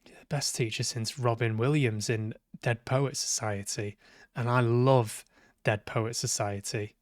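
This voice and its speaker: Male streamer, unhurried and sardonic, dry close sound, swears freely. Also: medium pitch, steady tone, dry recording. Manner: sweary, sarcastic, talks back at the characters. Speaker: game streamer. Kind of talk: live let's-play commentary.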